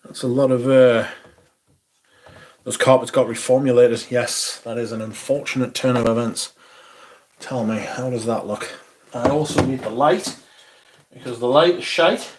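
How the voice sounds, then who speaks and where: A man livestreams from his room at home, talking to viewers as he moves about tidying, grumbling to himself in a sweary, theatrical manner. His mid-range voice is a little slow with frequent pauses, and there's a little hiss or hum.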